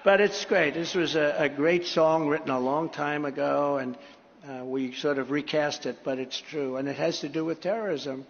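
High-voiced man giving a rambling rally speech. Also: fairly even intonation, normal speed, gravelly, slight background noise. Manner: rambling, swings from loud to low and muttered. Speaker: political speaker at a rally. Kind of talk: rally speech and poem recitation. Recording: echoey hall, dull lo-fi sound.

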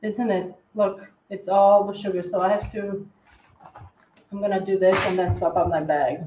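A woman co-hosting a live cookie-decorating tutorial, chatting in a halting way with lots of fillers and restarts. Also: medium pitch, fairly even intonation, dark tone, echoey room, poor audio. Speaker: cookie decorating livestream co-host. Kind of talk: casual tutorial chat while decorating.

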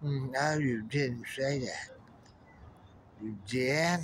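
A man's voice: mid-range voice, drawn-out words, slight background noise. A man in a rambling monologue, muttering strings of numbers and codes to himself. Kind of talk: stream-of-consciousness monologue.

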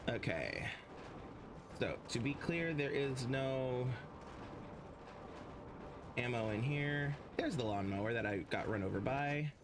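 A man talks through a video game as he plays, rambling and chatty, swearing freely along the way. His voice sits at an ordinary middle pitch. A steady hiss of background noise runs under his home stream mic. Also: slow, long pauses. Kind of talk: casual gameplay commentary.

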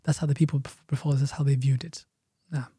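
A man's voice: medium pitch, level tone, fast talker, mellow, breathy edge, no room sound. A man, an Islamic teacher guest on a podcast, explaining a religious story emphatically with rhetorical questions and repeated phrases.

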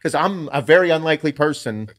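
A man hosting a podcast, telling a story in casual, profane, animated chat. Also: fairly high pitch, fast talker. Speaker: podcast host.

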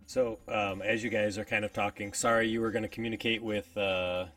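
A man running a tabletop game as game master, narrating in a halting way with many ums and uhs. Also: on the low side, little pitch movement, fairly bright tone. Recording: distant mic with background music.

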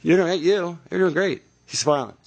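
A young man directing actors on a film set, giving brisk, encouraging instructions. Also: high voice, creaky.

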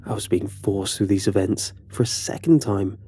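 A man narrating a scripted horror story in a measured, somber way. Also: on the low side, warm tone, slightly rough, soft background music.

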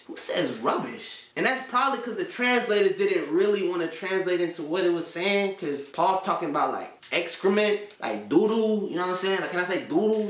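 A man's voice: high-pitched, a bit bright. A man hosting a Christian video channel, talking casually to his viewers in slang and often checking in with "right?". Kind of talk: casual talk to camera. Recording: echoey room.

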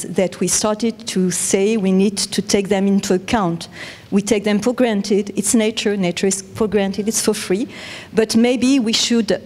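A woman with a French accent giving a measured, explanatory conference talk. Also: medium pitch, a little mellow. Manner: measured, explanatory, with self-corrections. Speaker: conference speaker.

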